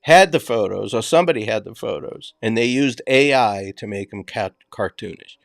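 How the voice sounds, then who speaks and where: A man's voice: lowish voice, expressive, moderate pace, creaky, no echo, clean studio sound. A man with a Boston accent, hosting a casual true-crime discussion and talking emphatically. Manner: conversational, emphatic, drops filler words. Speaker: podcast host.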